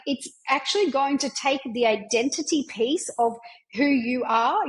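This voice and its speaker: A woman's voice: a little high, poor audio. A woman, hosting a podcast as a business mentor, talking in an enthusiastic, chatty way and often checking in with "right?". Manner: enthusiastic, chatty, frequent tag questions. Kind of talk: casual monologue.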